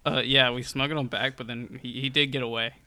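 Bright, smooth-voiced young man. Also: mid-range voice, fairly even intonation, fairly quick, dry recording. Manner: laughs often, easygoing. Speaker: podcast co-host. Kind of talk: casual chat.

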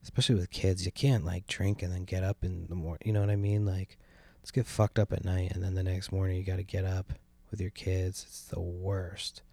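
Deep, gravelly man, profane rambling. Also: level tone, fairly quick, hardly any pauses, warm tone, dry recording. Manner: complaining, sardonic. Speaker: podcast host. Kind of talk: casual solo podcast rambling. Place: sitting at home by a window.

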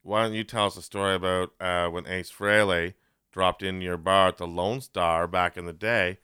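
A man chats on a podcast, asking his friends for stories and humming bits of old songs. His voice is smooth and resonant at a middle pitch. The sound is close and dry. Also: fairly even intonation, moderate pace, pushed and bright, dry recording. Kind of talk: casual chat.

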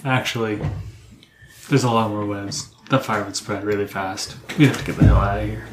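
A player in a tabletop game, animated and laughing often. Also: low-pitched, moderate pace, reverberant, heavy background noise. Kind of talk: casual tabletop play.

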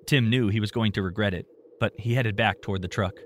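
A man narrating a story in a steady, plain storytelling manner. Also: lowish voice, fast talker, slight background noise.

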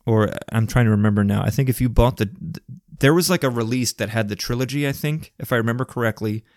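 A man's voice: mid-range voice, fast, dry recording, studio quality. A man co-hosting a casual chat, enthusiastic and rambling, with casual slang. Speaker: podcast co-host. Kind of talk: casual chat about video games.

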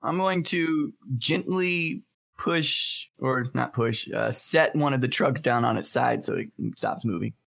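A man's voice: medium pitch, a little slow, creaky, a bit bright. A man playing a tabletop game, playful and laughing as he plays. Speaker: player.

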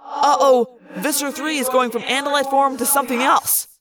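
A woman's voice: high-pitched, steady tone, normal speed, distant mic, noisy background, close to an everyday voice. Woman voicing Marco, a wary teenage boy. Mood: alarmed. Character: teenage boy, joking worrier.

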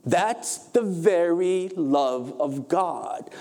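A young adult man delivers a sermon with real fervor, his mellow, warm voice pitched a little high. He builds to emphatic peaks and then pulls back into quieter, gentler stretches. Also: lively intonation, drawn-out words. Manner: impassioned preaching, rising to emphatic peaks then dropping soft. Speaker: pastor.

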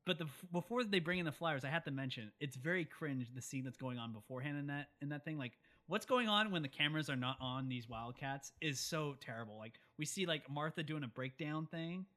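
A man's voice: a little high, a little fast, few pauses. A young man co-hosting a podcast, chatting casually and acting out characters' lines as he recaps a story. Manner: animated, acts out characters' lines. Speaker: podcast co-host.

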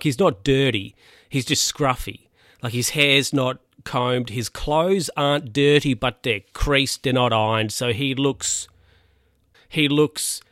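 A man's voice: medium pitch, fairly bright tone, dry recording. Rambling man in a dry room. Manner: rambling, filler-heavy, frequent restarts. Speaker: podcast host recapping a TV episode. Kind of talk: casual chat.

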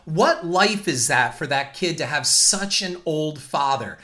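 A man's voice: on the high side, lively intonation, a little slow, sharp tone. A man hosting a talk show, delivering a blunt, indignant and profane opinion rant. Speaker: podcast host.

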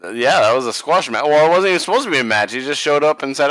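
A man's voice: a little high, lively intonation, fast talker, fairly bright tone, slight background noise. A man with a Boston accent co-hosting a podcast, chatting casually about old wrestling tapes, laughing often and swearing freely. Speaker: podcast co-host. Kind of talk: casual chat watching wrestling.

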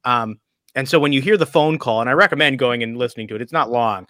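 A man riffs on his team in casual sports talk. His voice is bright and forceful, pitched a little high, and it sits very dry and close on the mic. He rambles, restarts and laughs through his stories. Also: quick pace, no echo. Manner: rambling, self-interrupting, laughs while telling stories. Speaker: podcast co-host.

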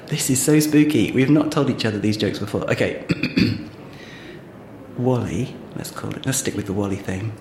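A man co-hosting a podcast, chatty and giggly, telling a long joke. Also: fairly low pitch. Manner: chatty, giggly, drawn-out storytelling. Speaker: podcast co-host. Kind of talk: playful comedy banter and joke telling. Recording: echoey room with faint noise.

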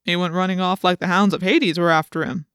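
A woman's voice: on the low side, steady tone, fairly quick, a bit bright, smooth, dry recording, studio quality, lightly acted. A woman voicing a stern middle-aged male assistant principal who speaks in firm, clipped commands.

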